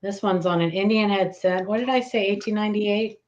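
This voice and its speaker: A woman hosting a casual live stream, giggly and excitable, greeting viewers by name. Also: medium pitch, a little fast, lo-fi sound.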